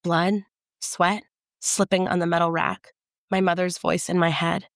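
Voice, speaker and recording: A woman giving a measured, intimate first-person audiobook narration. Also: fairly low pitch, little pitch movement, no echo, studio quality.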